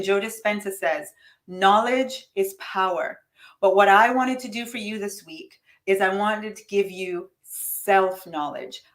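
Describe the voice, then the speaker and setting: A woman's voice: mid-range voice, fairly bright tone. A woman with a lot of energy leads a live online coaching session on money mindset. She speaks emphatically and directly to her viewers, as if each one were in the room with her. Now and then she reads their typed comments back to them. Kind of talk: live-streamed motivational coaching talk.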